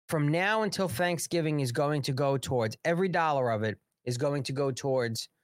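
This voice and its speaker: A man's voice: medium pitch, no room sound, clean studio sound. A man hosting a live political talk show, ranting and sarcastic, breaking off his own sentences and stopping to plug his products. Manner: ranting, sarcastic, restless and self-interrupting. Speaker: host.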